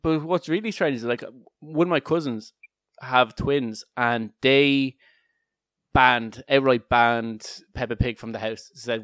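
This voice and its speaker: A man's voice: mid-range voice, slow pace, fairly bright tone, no echo. Man, podcast co-host, rambling casual chat, dry close mic. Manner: rambling, laughs often, frequent restarts.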